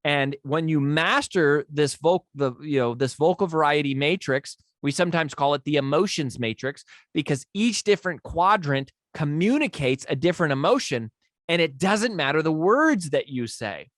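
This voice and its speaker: A man's voice: fairly high pitch, expressive, moderate pace, fairly bright tone, dry recording, studio quality. A male podcast host explaining a speaking technique in a conversational teaching manner, often checking in with his listeners.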